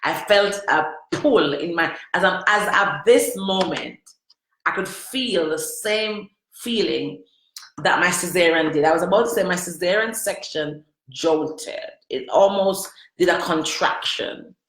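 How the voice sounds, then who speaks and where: A woman's voice: fairly low pitch, unhurried, fairly bright tone. A woman telling her personal story to viewers, candid, emotional and confiding. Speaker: vlogger. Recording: roomy echo.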